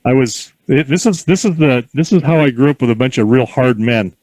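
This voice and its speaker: A man giving calm, encouraging instructions in an outdoor horse corral, mixing in folksy stories. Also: medium pitch, brisk, no room sound, low-quality recording. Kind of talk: outdoor coaching with anecdotes.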